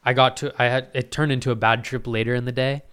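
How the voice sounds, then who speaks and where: A young man answering viewer questions in a casual vlog, swearing freely and talking in animated, exclamatory bursts full of fillers. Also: mid-range voice, quick pace, clear, resonant tone. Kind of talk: casual Q&A storytelling.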